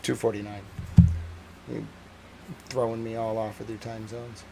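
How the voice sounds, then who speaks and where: A man reporting on a war from a livestream, ranting in exasperation and then reading a measured formal report. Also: on the low side, little pitch movement, gravelly, a little mellow, slight background noise. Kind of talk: livestream news commentary.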